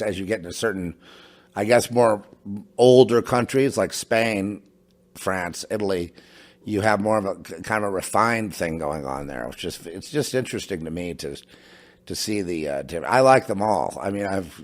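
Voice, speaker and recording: A middle-aged man from a home studio, rambling in a casual monologue, halting with many restarts and asides. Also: deep voice. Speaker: podcast host. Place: home in New Mexico.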